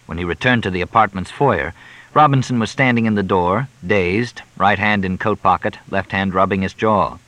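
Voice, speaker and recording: A man narrates a crime novel in a measured, even storytelling voice. His tone sits low but bright and forward, recorded close on a dry studio mic. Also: no room sound, rough recording. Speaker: audiobook narrator.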